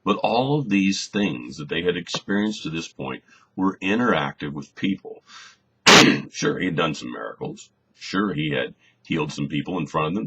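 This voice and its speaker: A man with an extremely low, gravelly voice leads a relaxed Bible study, thinking aloud and repeating words as he finds his way. The recording sounds a little dull, with a faint hiss underneath. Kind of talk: conversational Bible lesson.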